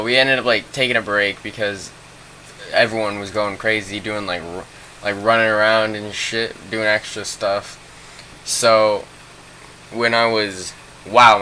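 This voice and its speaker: Bright-voiced young man rambling through a story. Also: lowish voice, a little hiss or hum. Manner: rambling, profane, full of fillers. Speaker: vlogger telling a story. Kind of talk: casual storytime.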